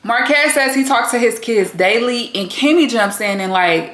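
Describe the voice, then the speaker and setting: A woman's voice: medium pitch, a little fast, hardly any pauses, pushed and bright. Blunt, sassy woman in a roomy room. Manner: blunt and sassy, swears freely. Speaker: recap vlogger. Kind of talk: casual reality-TV recap commentary.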